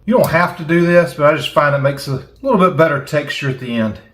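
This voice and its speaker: A man's voice: on the high side, quick pace. A middle-aged man with a Southern American accent, demonstrating a recipe as the host of a cooking channel in a folksy, chatty way.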